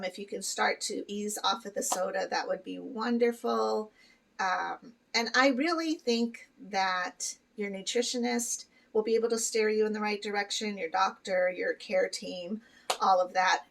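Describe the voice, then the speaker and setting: A middle-aged woman chatting candidly to her viewers in a casual vlog, full of fillers and quick laughs. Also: mid-range voice, fairly bright tone, recorded from a distance, rough recording. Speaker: vlogger. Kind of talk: casual chat to camera.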